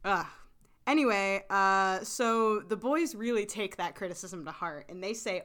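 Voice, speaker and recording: A woman's voice: mid-range voice, measured pace, fairly bright tone. A woman co-hosting a casual chat, bubbly and laughing a lot, acting out the characters' lines. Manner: bubbly, laughs often, acts out quotes. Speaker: podcast co-host. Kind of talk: casual chat recapping a drama.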